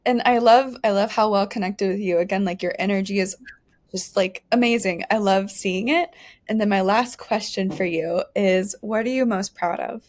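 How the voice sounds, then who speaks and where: A woman's voice: mid-range voice, moderate pace, darkish tone. Enthusiastic woman podcast co-host. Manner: enthusiastic and effusive. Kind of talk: interview questions and praise.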